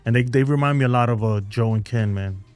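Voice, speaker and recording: A man's voice: mid-range voice, quick pace, a little mellow, clear, resonant tone, faint music behind. A man hosting a casual baseball fan stream from home, laughing often and saying "man" and "bro" a lot. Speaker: baseball fan channel host. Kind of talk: casual live-stream chat reading viewer comments.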